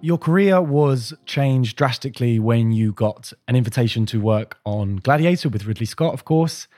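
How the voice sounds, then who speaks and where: Male podcast host, measured friendly delivery, faint music bed. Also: medium pitch, lively intonation, mellow, dry recording. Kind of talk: interview and read sponsor message.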